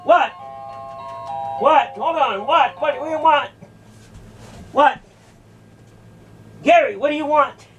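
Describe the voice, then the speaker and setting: High-voiced incredulous woman, distant recording. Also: slow, pauses often, soft background music. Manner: incredulous, repeats questions over and over. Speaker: churchgoer filming a confrontation. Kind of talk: heated confrontation. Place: church. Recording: voice distant from the mic.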